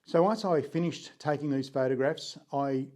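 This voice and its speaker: An older Sydney man with an Australian accent shares his photography story in an unhurried, earnest vlog, frequently clearing his throat. His voice runs on the high side and is a little mellow.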